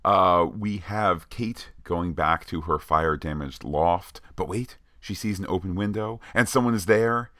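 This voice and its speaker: A man with a very low voice that still comes across bright and forceful, recorded dry and close. He co-hosts a podcast in a chatty, playful way, full of "uh"s and asides. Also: unhurried, few pauses, dry recording. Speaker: podcast co-host. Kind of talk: casual chat.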